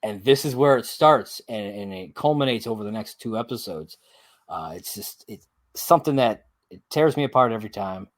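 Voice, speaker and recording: Male podcast co-host, animated pitch, casual recap chat, laughs a lot. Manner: laughs often, halting with many uhs.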